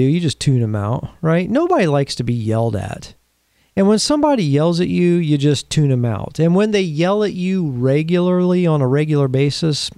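Earnest, emphatic man, dry warm voice. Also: a little high, no room sound. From United States. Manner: earnest, emphatic, slows down to stress points; asks the listener rhetorical questions. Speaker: commentator. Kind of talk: opinion commentary.

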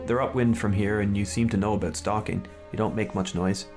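A man reading the lines of a blunt, wary young woman hunter in his own low voice. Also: steady tone, brisk, a little mellow, faint music behind, lightly acted.

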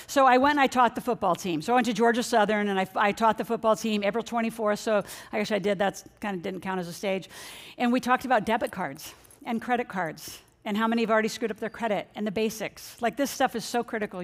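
A middle-aged woman, a financial coach, giving an energetic motivational seminar talk and speaking straight to her audience. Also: a little high, brisk. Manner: energetic, excitable, addresses the audience directly. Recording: long hall reverb.

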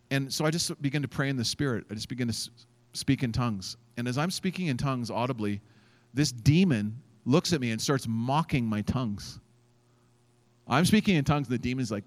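A male pastor preaches from a church stage, telling a story with lots of energy. His pitch sits in the middle range for a man, and he acts out the quotes while filling his sentences with casual fillers. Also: animated, quick pace. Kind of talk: sermon storytelling.

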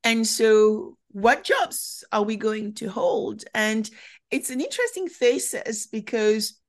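A woman's voice: a little high, slow. Chatty French-accented woman. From France. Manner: animated, chatty storyteller. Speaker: podcast guest, company founder. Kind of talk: conversational interview.

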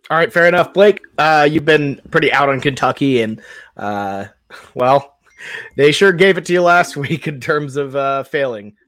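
A man hosting a casual sports podcast, quick to laugh and full of hesitant fillers. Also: fairly high pitch, lively intonation, fairly bright tone, dry recording. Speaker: podcast host.

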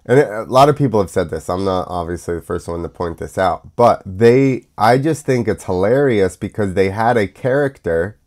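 A man's voice: fairly low pitch, expressive, moderate pace, hardly any pauses, a little mellow. A young man hosting his own show, talking casually in a sarcastic, ranting monologue that drifts off on tangents. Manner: sarcastic, mocking. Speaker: show host.

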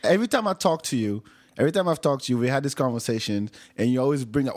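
Male host, mid-range pitch, easygoing and teasing. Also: quick pace. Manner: relaxed, teasing interjections. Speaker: podcast host. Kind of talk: casual interview chat.

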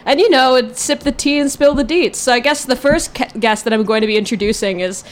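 A woman's voice: high voice, brisk. A young woman in college age hosting a casual chat podcast, bubbly and giggly. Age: young adult. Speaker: podcast host.

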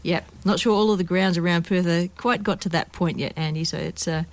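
A woman's voice: lowish voice, a little fast. Woman, radio studio host, casual chat, laughs often, uh-filled.

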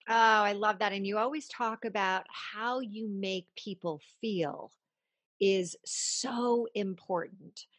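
A woman's voice: medium pitch, slow. Enthusiastic woman hosting a podcast. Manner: warm, enthusiastic reactions. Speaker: podcast host. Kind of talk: casual interview chat.

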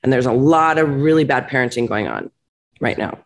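Woman guest, restaurant owner: frank, emphatic, quick to get heated. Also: extremely low pitch, expressive, a little hiss or hum. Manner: blunt, emphatic, gets heated and laughs it off. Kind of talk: candid conversational interview.

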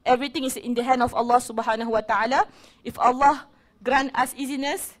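A woman's voice: high voice, steady tone, a little fast. A woman with a Malaysian accent giving a religious talk to an audience, chatty and switching between English and Malay as she speaks.

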